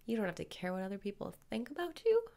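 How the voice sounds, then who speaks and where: A woman leading a guided meditation parody in a soft, calm voice that drifts into whispers. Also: medium pitch, fast, creaky.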